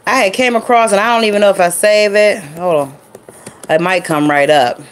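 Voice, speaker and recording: A woman's voice: medium pitch, normal speed, slight background noise. A woman vlogger chatting loosely and off the cuff to her viewers, calling them y'all. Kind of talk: casual impromptu vlog chat.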